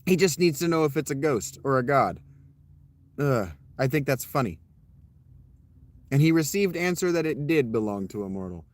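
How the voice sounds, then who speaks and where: Man reading old legend, lively delivery. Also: mid-range voice, normal speed, pauses often, dry recording. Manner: irreverent, swears in asides, animated. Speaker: storyteller. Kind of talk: reading an old tale aloud with casual asides.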